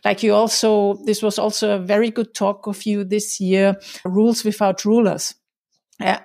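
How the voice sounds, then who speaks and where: A woman's voice: medium pitch, flat delivery, moderate pace, creaky, a little mellow. A woman whose first language is German, hosting an interview in English and speaking hesitantly with restarts. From German-speaking country. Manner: hesitant, restarts, laughs often. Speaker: host. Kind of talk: casual interview.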